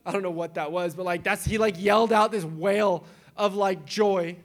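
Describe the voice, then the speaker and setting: A young adult man preaching in a casual, animated way, retelling scripture with acted-out quotes. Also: high voice, normal speed. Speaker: pastor.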